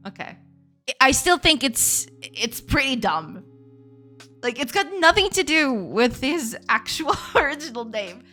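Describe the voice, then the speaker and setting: A woman's voice: sits high, big pitch swings, measured pace, bright, forceful tone, faint music behind. A woman from Portugal, a Portuguese native speaker, streaming game development and chatting with viewers, laughing often as she reads chat aloud. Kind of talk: casual live-stream chat.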